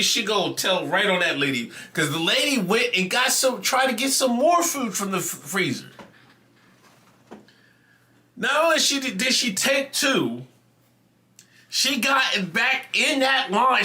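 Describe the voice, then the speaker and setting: A livestream host with a high, pushed, bright voice tells his chat a story. His delivery is loose, conversational, and profane.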